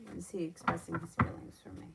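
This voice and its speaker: Low-voiced woman giving tarot readings. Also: little pitch movement, fast talker, creaky, very noisy. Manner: reads viewer questions aloud and answers briefly; chatty, laughing storyteller between readings. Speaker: tarot reader. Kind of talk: live-stream tarot readings.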